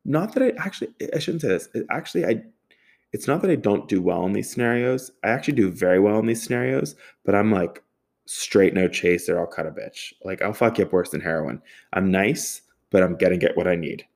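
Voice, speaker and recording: Young man, deep voice, casual sarcastic storyteller who swears freely. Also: lively intonation, fairly quick, gravelly, darkish tone. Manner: profane, sarcastic, exasperated.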